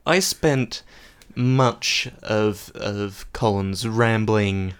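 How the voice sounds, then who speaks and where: A man in a comedy panel game, teasing the other player in a dry, deadpan way. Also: fairly low pitch, extremely slow, clean tone. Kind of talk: comedic bluffing game chat.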